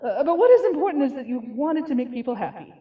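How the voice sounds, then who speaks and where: Bright, cheerful woman leading children's time. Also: high voice, very animated, fast, reverberant, recorded from a distance, narrow, tinny audio. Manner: cheerful, patient, speaks to children. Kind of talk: children's time chat with a puppet. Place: church sanctuary.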